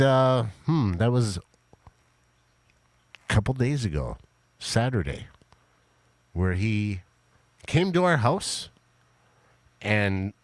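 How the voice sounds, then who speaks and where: A man hosting a casual live stream from his home fish room, rambling to his chat with fillers and restarts in a flat, monotone voice. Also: fairly low pitch, no room sound.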